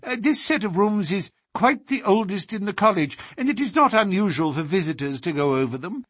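A man doing a flustered high-voiced tutor. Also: animated, fairly quick, a bit bright, slightly rough, dry recording, studio quality, full character voice. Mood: polite. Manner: flustered, pleading. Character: fussy agitated older male college tutor.

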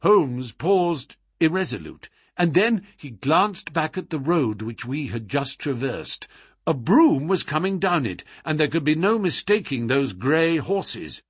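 A male narrator reads classic fiction aloud with expressive, dramatic delivery. His slightly husky voice swings widely in pitch, and the recording is dry and close. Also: measured pace, no room sound. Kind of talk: audiobook reading of classic fiction.

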